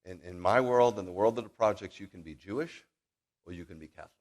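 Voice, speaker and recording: A man in his fifties, a rabbi giving a sermon, telling personal stories in an animated, jokey, emphatic way. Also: sits low, fast.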